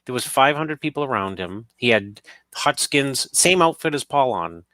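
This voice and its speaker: A man telling a story in a casual talk show, halting and repeating words as he goes. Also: mid-range voice, expressive, pushed and bright, no room sound. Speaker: show panelist.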